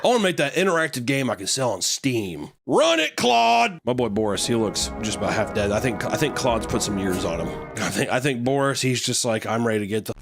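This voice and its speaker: A man chatting on a podcast in a loose, joking way, his pitch swinging widely as he riffs and swears. Soft music plays faintly underneath. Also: fairly quick, few pauses. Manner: animated, joking, profane riffing. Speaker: podcast host. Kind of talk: casual comedic reaction chat.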